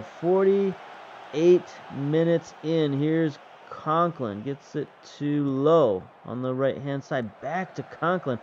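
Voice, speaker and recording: Male gaming host, relaxed play-by-play, dry humor; muffled home recording. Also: medium pitch, slight background noise. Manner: wry, chatty, self-mocking. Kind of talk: casual play-by-play game commentary.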